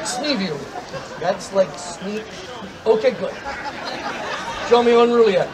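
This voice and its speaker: A man doing a stand-up comedy set on an outdoor festival stage, rattling off rapid tongue-twisting wordplay in a loud stage voice. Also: very high-pitched, noisy background. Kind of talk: stand-up storytelling to a live crowd. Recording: crowd and loud festival background.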